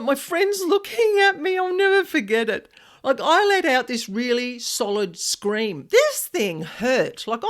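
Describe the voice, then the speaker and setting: A woman hosting a podcast, telling a personal paranormal experience in a casual, expressive way with many "like" fillers. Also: on the high side. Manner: animated, expressive, frequent "like" fillers. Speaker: podcast host, paranormal specialist. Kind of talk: casual storytelling monologue.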